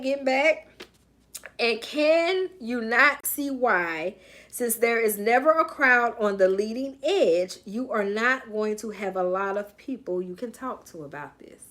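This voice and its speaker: A woman's voice: high voice, sharp tone. A woman with a Southern US accent, a life coach reading a book aloud on a live stream and chatting with viewers. She greets them by name and breaks into playful sing-song asides.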